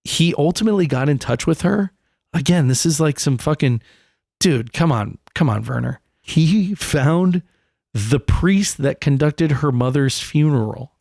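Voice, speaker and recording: A man co-hosting a podcast, telling a story in casual chat, animated and swearing freely. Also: fairly high pitch, unhurried, gravelly, no room sound, studio quality. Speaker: podcast co-host.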